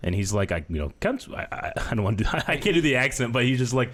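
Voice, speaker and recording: Podcast co-host, thirties, male, casual chat, lively swooping pitch, animated storyteller. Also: fast talker. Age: 30s. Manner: animated storyteller, does high-pitched voices in quoted speech.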